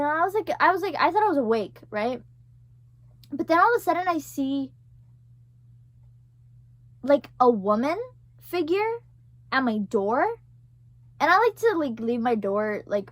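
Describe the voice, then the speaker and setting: A woman's voice: fairly high pitch, no room sound. A young woman telling a story to her viewers in a loose, rambling way, packing in "like" and "right?" and swearing now and then. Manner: rambling, heavy use of "like" and "right?"; swears casually. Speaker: vlogger. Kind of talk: casual storytelling to camera.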